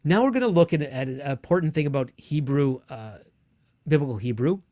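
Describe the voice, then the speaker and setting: A man's voice: fairly high pitch, lively intonation, brisk, warm tone, no room sound, studio quality. A man teaching a Bible course online, explaining words patiently and often restarting his sentences. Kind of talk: online lecture with screen share.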